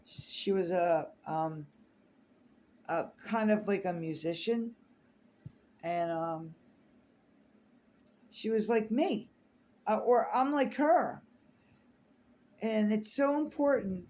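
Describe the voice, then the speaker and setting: A woman telling a personal story on her vlog, holding back tears, halting with many fillers and restarts. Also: medium pitch, darkish tone. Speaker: artist sharing a personal story.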